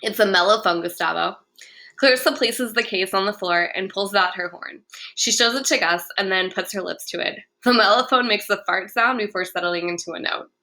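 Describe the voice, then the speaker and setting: A woman reading a young-adult novel aloud in first person, in a clear, even storytelling manner. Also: medium pitch, brisk. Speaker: audiobook narrator. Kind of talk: first-person audiobook narration.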